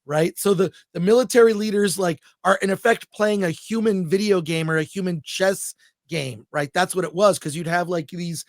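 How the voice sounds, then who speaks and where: A man hosting a film review show, chatting casually and excitedly, rambling as he thinks aloud. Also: high-pitched, moderate pace, dry recording, studio quality.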